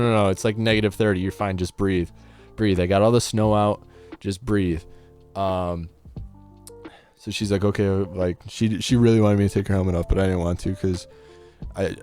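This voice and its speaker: A man's voice: on the low side, darkish tone. A young man with a Midwestern American accent casually retelling a story as a vlogger, rambling with many restarts and "like"s. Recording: faint music underneath.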